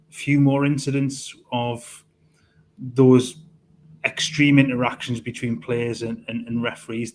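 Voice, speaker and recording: A male host asking a guest long, halting questions with many restarts. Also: medium pitch, a little hiss or hum. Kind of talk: interviewing a guest.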